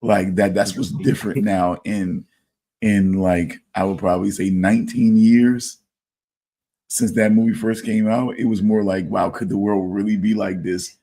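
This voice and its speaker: Man, podcast co-host, casual chat, halting, dark mellow tone, gravelly. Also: on the low side, fairly even intonation. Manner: hesitant, halting, musing.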